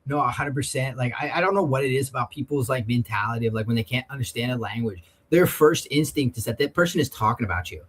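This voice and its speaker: Fast-talking man full of "like". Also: medium pitch, fairly bright tone, slightly rough. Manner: quick, hedging with lots of "like". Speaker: Spanish coach. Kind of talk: casual conversation.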